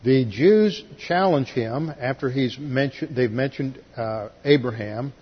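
A man's voice: mid-range voice, a little slow, breathy edge. A man teaching a Bible class in a methodical way, walking through verses with dry asides, in a church sanctuary. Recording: lo-fi recording, long hall reverb.

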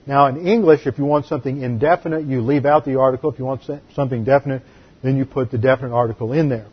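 A man, a pastor, teaching a Bible class in a deliberate, explanatory way and repeating key words. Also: medium pitch, steady tone, husky, dull audio. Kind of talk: sermon-style Bible teaching.

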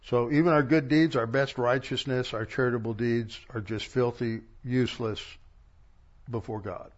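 A man's voice: mid-range voice, steady tone, normal speed, lo-fi sound. Man preaching, stressing scripture words. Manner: reads verses aloud, stressing key words, with asides. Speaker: pastor. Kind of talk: sermon teaching from scripture.

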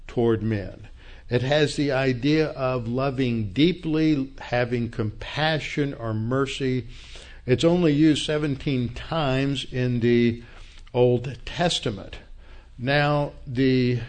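A man teaching through a Bible passage, explaining Hebrew words step by step in an unhurried, explanatory way. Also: mid-range voice, a little mellow.

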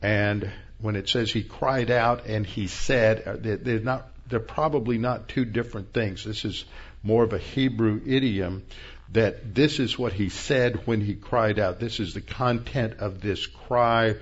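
A man's voice: lowish voice, a little slow, breathy edge, lo-fi sound. A man preaching an expository sermon, working methodically through Bible verses and the Greek and Hebrew terms behind them. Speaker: pastor.

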